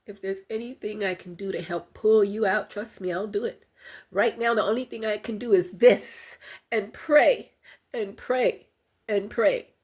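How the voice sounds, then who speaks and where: An older woman vlogger giving a halting, heartfelt personal account to her viewers. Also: medium pitch, fairly even intonation, husky. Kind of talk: emotional personal testimony to camera.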